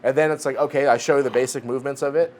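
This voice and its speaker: Fast-talking man in his forties. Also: medium pitch. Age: 40s. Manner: animated storytelling, swears freely, restarts. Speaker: podcast co-host. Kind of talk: casual chat.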